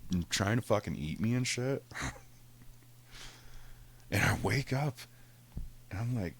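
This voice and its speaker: Deep-voiced man telling a profane story. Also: slow pace, husky. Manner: profane, animated, laughs often. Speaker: podcast host. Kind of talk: casual storytelling.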